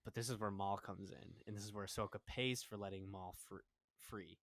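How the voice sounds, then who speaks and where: A man's voice: lowish voice, fairly even intonation, fairly quick, fairly bright tone, no room sound. A young man co-hosting a podcast in casual fan discussion, recapping scenes at length and stopping to correct himself. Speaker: podcast co-host.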